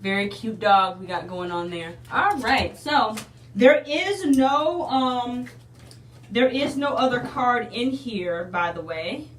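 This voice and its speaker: Woman, casual unboxing chat, higher voice, faint background hiss. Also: animated, slow, a bit bright, echoey room, recorded from a distance. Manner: chatty, addresses viewers as y'all. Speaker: unboxing vlogger.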